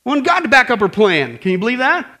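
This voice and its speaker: A man preaching a sermon in a folksy, animated way, full of rhetorical questions and a told joke. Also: extremely high pitch, quick pace. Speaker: pastor.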